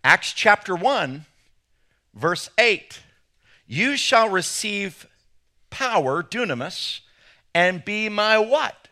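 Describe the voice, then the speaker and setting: A man's voice: sits high, very animated, takes it slowly, pauses often, bright, forceful tone. A man with an English accent, preaching an enthusiastic sermon with playful asides. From England. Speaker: pastor.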